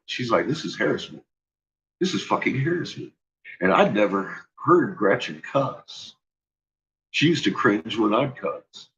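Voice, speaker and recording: A man's voice: fairly low pitch, a bit bright, lo-fi sound. A man casually telling a personal story, swearing freely and laughing often as he talks.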